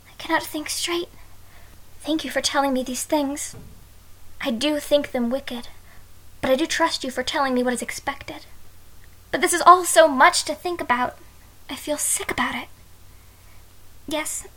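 A woman's voice: sits high, a bit bright, poor audio. A woman playing a shy, innocent young bride in an audio role-play, speaking hesitantly and sometimes dropping to a whisper. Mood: bashful curious. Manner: hesitant, halting, drops to whispers.

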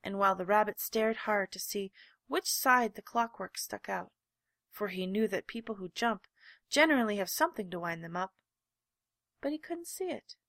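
A woman reading a children's storybook aloud, with gentle, measured storytelling. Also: medium pitch, expressive, no room sound. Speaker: narrator.

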